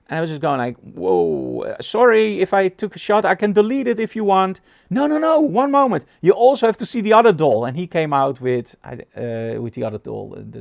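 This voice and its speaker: Animated man teaching photography. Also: medium pitch, vocal fry. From Netherlands. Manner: animated storyteller, acts out dialogue. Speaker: photography instructor. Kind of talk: presenting a photography class.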